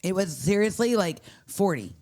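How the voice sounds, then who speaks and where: A woman's voice: lowish voice, very animated, normal speed, a little mellow. A woman co-hosting a morning radio show, rambling casually through the weather report and laughing easily. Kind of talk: casual chat.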